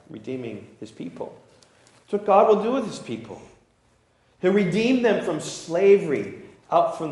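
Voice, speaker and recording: A man with a somewhat high voice preaches a sermon, reading scripture aloud and then explaining it in earnest, sometimes stumbling into small restarts. The sound is heavily echoey, like a large church sanctuary. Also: darkish tone. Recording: very echoey room.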